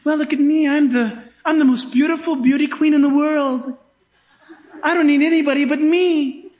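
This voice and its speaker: A man's voice: very high-pitched, fairly even intonation, normal speed, darkish tone, muffled recording, pitched above the performer's own voice. A man putting on the voice of a vain, self-absorbed beauty queen within a sermon. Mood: preening. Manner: preening, self-satisfied.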